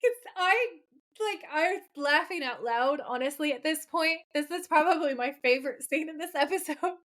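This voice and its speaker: A woman co-hosting a podcast, recapping a TV episode in casual, animated chat full of laughs and "like" fillers. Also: high voice, normal speed. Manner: animated, giggly, frequent "like" fillers. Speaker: podcast co-host.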